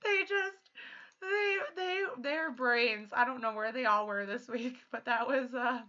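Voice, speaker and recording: Bright, excitable woman streamer. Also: on the high side, a little slow. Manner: chatty and excitable, laughs often. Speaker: game streamer. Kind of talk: casual livestream chat. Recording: dull lo-fi audio.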